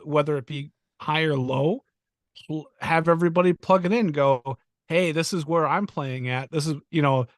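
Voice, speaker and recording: A man co-hosting a laid-back chat show. His voice sits a little high and sounds dry and close to the mic. He thinks out loud, stumbles over the first words of a sentence, and chuckles between points. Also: no room sound. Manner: repeats words when starting, chuckles, thinks aloud. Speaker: podcast co-host. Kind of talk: casual chat.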